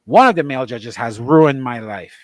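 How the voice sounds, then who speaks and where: A man's voice: mid-range voice, animated, normal speed, no echo. A man speaking as a guest on a talk show, an emotional, indignant and defiant father. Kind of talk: impassioned talk-show testimony.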